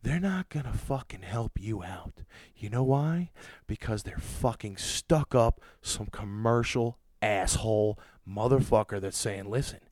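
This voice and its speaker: Podcast host, man, low-voiced and furious, swears through a dry-sounding rant. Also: animated, measured pace, no room sound. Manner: loud, cursing, ranting, angry.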